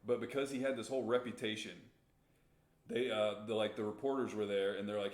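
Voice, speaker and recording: A man's voice: fairly low pitch, little pitch movement, fairly quick, a little mellow, reverberant. A man co-hosting a podcast, casually retelling a story with rambling restarts and chuckles. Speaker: podcast co-host.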